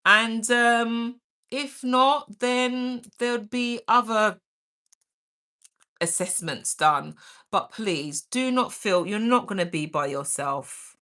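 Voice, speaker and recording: Energetic woman hosting a livestream. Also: fairly high pitch, slow. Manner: energetic, chatty and caring. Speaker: livestream host. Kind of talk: casual livestream chat, reading out viewer comments.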